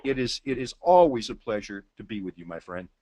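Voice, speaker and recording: A man giving an upbeat, persuasive sales pitch as a marketing presenter, reading out order details slowly. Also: sing-song, mellow, no room sound.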